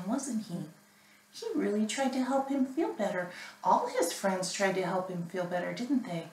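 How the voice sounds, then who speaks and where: A woman librarian reading a picture book aloud to children, animated and asking her listeners questions. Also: mid-range voice, a little hiss or hum. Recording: roomy, mic at a distance.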